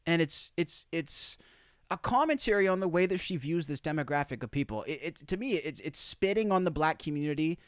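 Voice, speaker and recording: A man delivers an opinion commentary monologue, emphatic and incredulous, hammering points by repeating them. His pitch rises and falls with lively swings. The sound is close and dry. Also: brisk, clean tone, dry recording. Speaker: commentary host.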